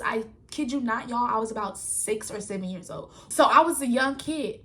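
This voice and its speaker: A young woman speaks straight to her viewers in a loose, rambling, colloquial way, calling them y'all. Her voice sits a little high and sounds bright and tense. She tells a personal story candidly and unscripted. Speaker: vlogger.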